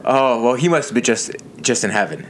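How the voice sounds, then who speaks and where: Lively, swearing man on a podcast. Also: medium pitch, normal speed, a little hiss or hum. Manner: profane, animated banter. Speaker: podcast co-host. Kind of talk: casual podcast chat.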